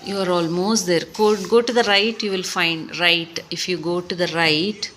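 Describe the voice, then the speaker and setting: A woman's voice: lowish voice, steady tone, moderate pace, fairly bright tone, slight background noise. A woman teacher giving a one-on-one spelling lesson, patient and coaxing, full of encouragement.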